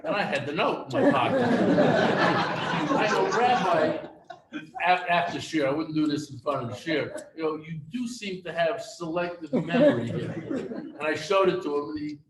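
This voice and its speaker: A man's voice: on the high side, animated, normal speed, crowd noise. A middle-aged man telling humorous personal stories at a memorial gathering. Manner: humorous anecdotal storytelling. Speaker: eulogy speaker. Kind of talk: storytelling memorial speech. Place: synagogue hall. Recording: echoey hall from far off with faint noise.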